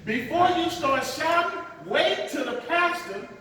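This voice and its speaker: A man preaching a sermon as pastor, swinging between hushed asides and loud dramatic bursts and repeating "watch this" as a refrain. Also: very high voice, measured pace, a little hiss or hum. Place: large church sanctuary. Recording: echoey hall, picked up from a distance.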